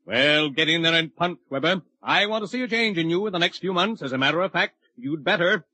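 A man's voice: fairly high pitch, expressive, bright, forceful tone, slightly rough, no echo, exaggerated voice. An actor playing a pushy law-firm boss who lectures his junior in 1950s radio drama style. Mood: bossy. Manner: hectoring, brisk, commanding. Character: brash pushy middle-aged male law-firm boss.

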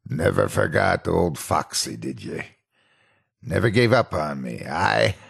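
A man voicing an old male pirate fox animatronic in a slow pirate drawl, gruff yet fond, in a spoken storybook. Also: sits low, very animated, fairly bright tone, heavily acted. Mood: fond, gentle.

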